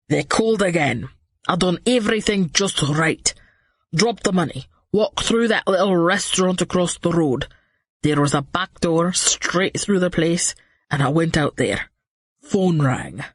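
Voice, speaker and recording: A woman voicing a gruff older man in an audiobook, rattled and blunt. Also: on the low side, animated, measured pace, dry recording, full character voice. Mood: agitated.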